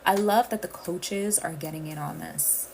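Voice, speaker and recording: A woman's voice: lowish voice, normal speed, noisy background. A woman from the Caribbean, hosting a casual livestream and chatting directly with her viewers. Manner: chatty, addresses viewers as y'all. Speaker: livestream host.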